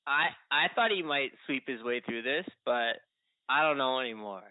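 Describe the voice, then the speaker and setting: A man's voice: medium pitch, normal speed, no echo. A playful, opinionated man co-hosts a debate in casual chat. His mid-range voice comes through dry and thin, like a phone line. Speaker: podcast co-host.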